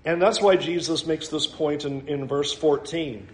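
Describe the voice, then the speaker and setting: A man preaching a sermon in an animated way, acting out the voices of the people he quotes. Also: a little high, measured pace. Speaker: pastor. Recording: echoey room.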